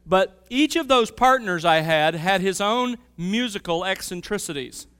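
A man preaching a sermon, telling a story and then moving into Bible teaching with a lively, varying delivery. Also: high-pitched, unhurried, clean tone. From Mobile, Alabama area. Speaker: pastor.

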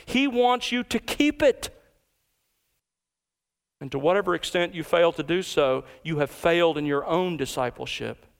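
A pastor preaching an emphatic expository sermon, slowing down to stress key words. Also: male voice, on the high side, expressive, gravelly, clear, resonant tone.

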